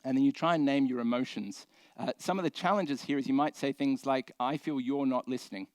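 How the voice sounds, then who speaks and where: A man's voice: medium pitch, a little fast, dry recording. Conversational man giving a conference talk. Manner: conversational, many fillers and restarts. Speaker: conference speaker. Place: conference hall stage.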